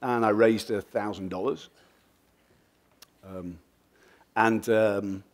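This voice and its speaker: A middle-aged man from England with an English accent, giving a lively, joking and blunt motivational talk at a festival, answering audience questions. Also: on the low side, takes it slowly. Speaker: guest speaker.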